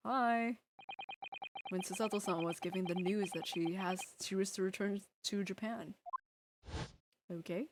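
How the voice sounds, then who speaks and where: A woman's voice: mid-range voice, fairly even intonation, measured pace, long pauses, background noise. A woman streaming a game, chatting casually, giggling often, swearing loosely and reading lines aloud. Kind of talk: casual game let's-play commentary.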